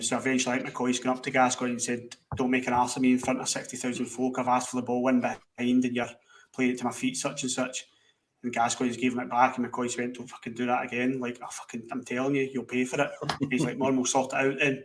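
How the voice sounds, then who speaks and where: A Scottish man on a podcast, telling a rowdy anecdote, acting out quotes and swearing freely. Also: mid-range voice. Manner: animated anecdote-teller, acts out quotes, swears. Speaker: podcast co-host. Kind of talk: casual storytelling. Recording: distant mic.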